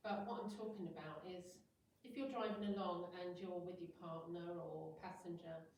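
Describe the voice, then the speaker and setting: A woman's voice: on the low side, fairly even intonation, normal speed, a little mellow, slight background noise. Echoey, far-off woman giving a talk. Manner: chatty, acts out little scenes in quoted voices. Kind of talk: informal talk to an audience. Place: meeting room with an audience. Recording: very echoey room, voice far from mic.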